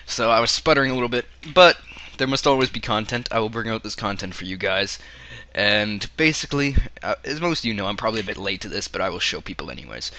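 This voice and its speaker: A Canadian man, hoarse and nearly losing his voice, talks casually over a game. His lowish voice has a sharp, bright edge, and he rambles into joking asides. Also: expressive, fast, a little hiss or hum. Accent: Canadian English. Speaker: gaming video creator.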